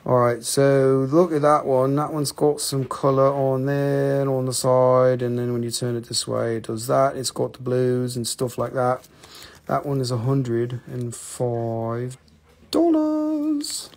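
A man's voice: mid-range voice, flat delivery, unhurried, a little mellow. A man hosting a live-stream rock and mineral sale, talking casually into a handheld phone, joking, teasing viewers and swearing freely.

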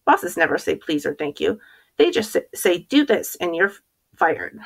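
A woman's voice: on the low side, sing-song, normal speed, gravelly, full character voice. A woman reading aloud, voicing a bossy, hot-tempered schoolboy who barks orders at his friend. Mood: snappish. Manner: snappish, barking orders. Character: bossy, hot-tempered schoolboy running a dog-walking business.

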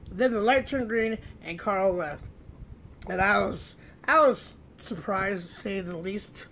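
A man's voice: high voice, takes it slowly, creaky, sharp tone, slight background noise. A man telling a comic anecdote in a rambling way, with many restarts and fillers. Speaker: storyteller.

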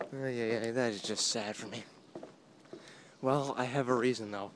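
Speaking unhurriedly with frequent pauses, a young man with a mid-range voice strolls a boardwalk and chats into his phone at arm's length. The vlog is loose and self-deprecating, recorded outdoors with constant background noise.

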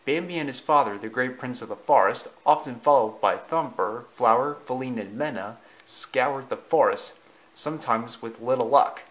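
A man narrating a storybook slowly and deliberately, with small slips in the reading. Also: mid-range voice, fairly bright tone, rough recording.

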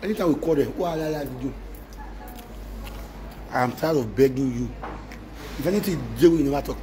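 A man's voice: medium pitch, a little fast, background noise. Nigerian man in a repetitive rant. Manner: repetitive, mixes Pidgin with exclamations. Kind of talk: emotional rant.

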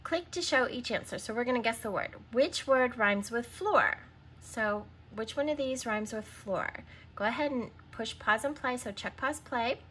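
A woman's voice: fairly high pitch, normal speed, a bit bright, slight background noise. A woman teaching a recorded reading lesson to young children, sounding out words, spelling them letter by letter and patiently prompting answers.

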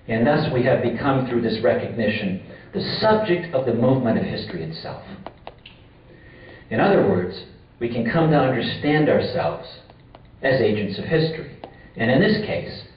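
A man giving an academic lecture at a conference, measured and repeating key phrases for emphasis. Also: mid-range voice. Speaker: conference speaker. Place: conference room. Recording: far-off echoey lo-fi hall recording.

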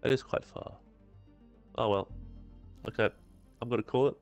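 A man's voice: medium pitch, steady tone, moderate pace, gravelly, soft background music. A man streaming a shooter game, chatting to himself and his viewers in a casual, running commentary. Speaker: gaming streamer. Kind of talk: live gameplay commentary.

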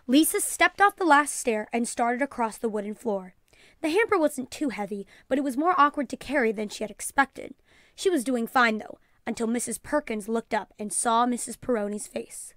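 A woman teacher reading a children's book aloud, clear and deliberate, then asking class questions. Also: on the high side, fairly bright tone, dry recording, studio quality. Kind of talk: children's read-aloud lesson.

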